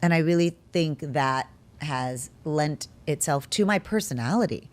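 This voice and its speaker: Woman guest from texas, low pitched, casual storytelling, does little voices for her family, laughs a lot. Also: measured pace. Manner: animated, laughs often, acts out family quotes. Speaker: interview guest.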